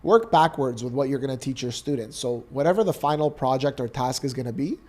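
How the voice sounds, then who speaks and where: Here a podcast co-host, Canadian and in his thirties, tells an emotionally charged story about himself with sincere, animated delivery. He keeps a fairly quick pace at a medium pitch.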